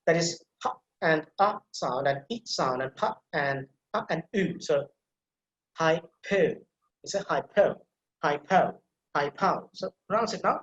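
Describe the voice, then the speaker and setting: A man's voice: high-pitched, fairly bright tone, lo-fi sound. A man teaching a pronunciation class, breaking words into sounds syllable by syllable and repeating them for learners to copy. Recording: echoey room.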